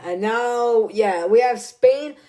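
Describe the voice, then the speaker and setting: A man's voice: very high-pitched, takes it slowly, mellow. A young man giving casual football predictions in a slangy, rambling way, often repeating words and restarting his sentences. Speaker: football video creator.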